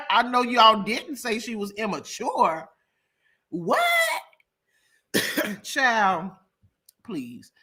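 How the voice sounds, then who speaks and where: A woman hosting a casual live-stream reaction chat who talks in a dramatic, gossipy way, laughs loudly and often, and swings between loud outbursts and quiet asides. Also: a little high, expressive, very slow, pauses often, breathy edge.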